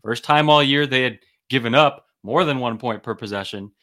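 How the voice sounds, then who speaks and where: A man's voice: mid-range voice, moderate pace, pushed and bright. A man co-hosting a casual sports podcast, enthusiastic and analytical, often repeating words as he thinks. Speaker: podcast co-host.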